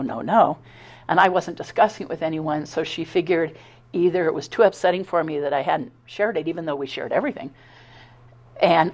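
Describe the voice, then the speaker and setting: A middle-aged woman giving a talk, telling her own story in an animated, conversational way, acting out the dialogue and often stumbling and restarting. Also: low voice, breathy edge. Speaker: speaker giving a talk on her abduction experiences. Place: talk at a spiritual center.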